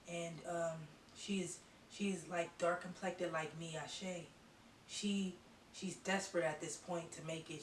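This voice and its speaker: Psychic reader, female: blunt, emphatic, repetitive. Recorded with a roomy echo off a distant mic and faint hiss. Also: fairly low pitch. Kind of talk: channeled tarot-style reading to viewers.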